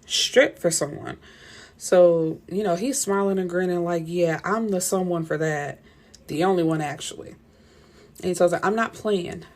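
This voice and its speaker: A woman casually recapping a novel's plot, animated and full of fillers. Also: fairly low pitch, moderate pace. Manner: animated retelling with many fillers and quoted dialogue. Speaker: book reviewer.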